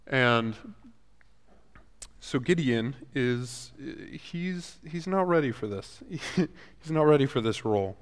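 A man's voice: medium pitch, expressive, clean tone. Man teaching a Bible story in a reverberant hall. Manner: conversational, retells scripture in paraphrase with halting restarts. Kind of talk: casual Bible lesson.

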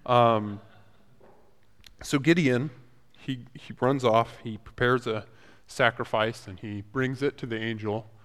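A man's voice: medium pitch, steady tone, fairly bright tone. Man teaching a Bible story in a reverberant hall. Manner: conversational, retells scripture in paraphrase with halting restarts. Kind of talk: casual Bible lesson.

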